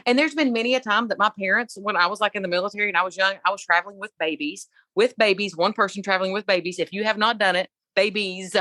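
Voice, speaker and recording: A middle-aged woman co-hosting a podcast, telling a story in an animated, opinionated casual chat. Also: medium pitch, fast talker, hardly any pauses, no echo. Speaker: podcast co-host.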